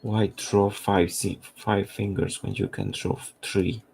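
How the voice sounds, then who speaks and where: A low-voiced man with a gravelly, strained edge talks through his drawing on a live stream. He is losing his voice and thinks aloud in a slow, halting way that wanders as he works. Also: flat delivery, a little mellow. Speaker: comic artist.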